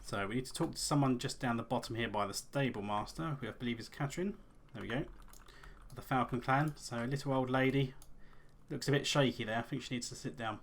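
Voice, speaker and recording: A man's voice: medium pitch, brisk, slight background noise. Male let's play host, casual rambling commentary with wry asides. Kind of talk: gameplay commentary.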